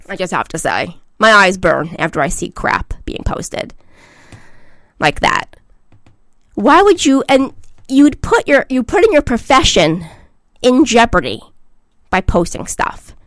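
A woman's voice: mid-range voice, very animated, unhurried, long pauses, fairly bright tone, dry recording. A woman giving a blunt, emphatic vlog monologue as a social media commentator, lecturing her listeners.

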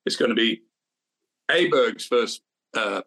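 A man's voice: mid-range voice, animated, takes it slowly, bright, forceful tone. Man rambling about golf picks. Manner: rambling, repeats himself, addresses co-host by name. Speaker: golf podcast co-host. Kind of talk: casual sports betting chat.

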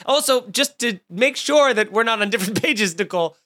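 A man's voice: very high-pitched, expressive, fairly quick, pushed and bright. A man hosting a comedy podcast, ranting in a sarcastic, crude, mock-outraged way. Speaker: podcast host.

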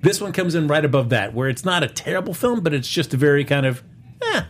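A man's voice: a little high, expressive, fast, slight background noise. A man hosting a casual live-streamed movie podcast, chatty, with many fillers and restarts. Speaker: podcast host.

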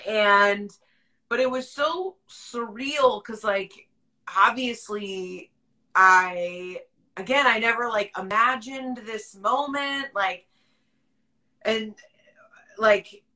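A woman's voice: on the high side, drawn-out words, pauses often, pushed and bright, poor audio. A woman hosting a podcast, telling a story in a casual, candid way, swearing freely, laughing often and acting out the people she quotes. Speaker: podcast host.

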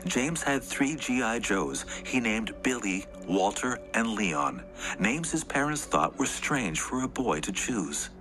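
A man's voice: mid-range voice, animated, slow pace, over music. A man narrating a documentary in a scripted, dramatic storytelling way.

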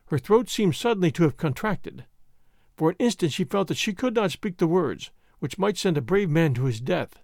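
Male narrator, audiobook reading, expressive, high voice, dry close sound. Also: moderate pace, vocal fry, no room sound. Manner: expressive storytelling. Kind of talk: audiobook reading of a classic novel.

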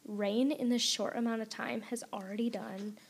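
A young woman co-hosting a book podcast in casual chat, animated and laughing often. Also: fairly high pitch, normal speed, creaky, husky.

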